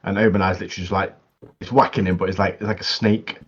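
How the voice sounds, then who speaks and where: A man with a fairly low voice chats casually about an anime episode, agreeing often with a relaxed "yeah". His recording sounds slightly dull and muffled. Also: quick pace. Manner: agreeable, many "yeah"s, chuckles between points. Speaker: podcast co-host. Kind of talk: casual anime recap chat.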